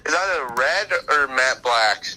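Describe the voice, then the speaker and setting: A man takes his time with each answer, drawing words out and pausing with small hesitations. His voice has a sharp, bright edge, and his tone stays joking and relaxed. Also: medium pitch, slight background noise, poor audio. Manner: hesitant, jokey, drawn-out answers. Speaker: interview guest, fan voice actor. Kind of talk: casual chat.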